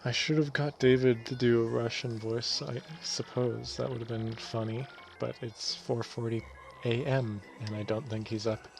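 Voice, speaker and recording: This let's play host has a mid-range voice with vocal fry, speaking at a moderate pace and hardly pausing. He rambles casually over the game, loose and easygoing, often catching and fixing his own words.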